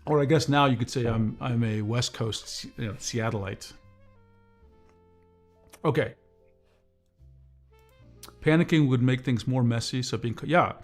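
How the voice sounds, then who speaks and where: Calm, measured man chatting on a stream. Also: mid-range voice, soft background music. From United States. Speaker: livestream host. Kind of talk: casual livestream chat, reading viewer comments.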